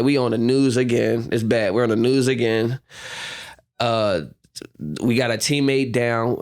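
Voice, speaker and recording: Young man, podcast guest, casual storyteller who acts out voices, mid-pitched. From United States. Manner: animated storyteller, acts out quotes, laughs often. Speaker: guest, professional basketball player.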